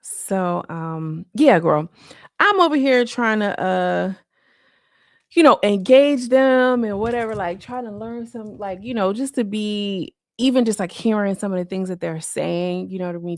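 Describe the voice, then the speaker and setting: A woman's voice: mid-range voice, normal speed, dry recording, clean studio sound. A woman chatting casually on a live stream from her home, rambling loosely and filling her talk with "like.". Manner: rambling, loose, full of "like" fillers. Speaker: livestreamer.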